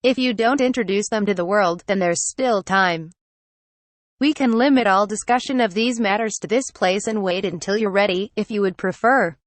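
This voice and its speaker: A woman reading the lines of a calm, patient noble man in a light novel audiobook, in a measured way. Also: mid-range voice, dry recording, natural voice. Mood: reassuring.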